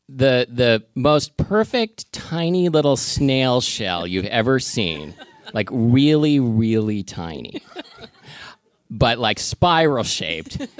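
A man's voice: mid-range voice, dry recording. A man co-hosting a comedy podcast, chatting casually and hesitantly, full of jokes. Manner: hesitant, joking, lots of fillers. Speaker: podcast co-host. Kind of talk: casual comedic chat before a live audience.

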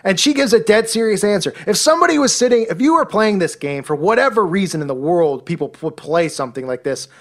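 A man with a notably high voice holds forth in an indignant, preachy rant. He piles up rhetorical questions with mounting outrage, talking like a talk show host on a tear. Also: lively intonation, quick pace, hardly any pauses. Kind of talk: ranting monologue, played clip.

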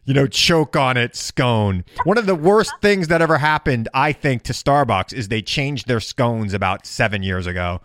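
A man's voice: mid-range voice, expressive, normal speed, hardly any pauses, fairly bright tone, no room sound, studio quality. A man from New York hosting a podcast, talking politics in casual, joking banter. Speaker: podcast host.

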